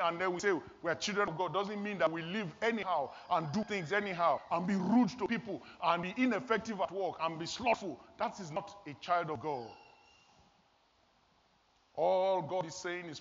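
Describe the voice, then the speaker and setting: A man's voice: high-pitched, fairly bright tone. A man from Nigeria, preaching a sermon in an earnest, storytelling way. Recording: long hall reverb, dull lo-fi sound.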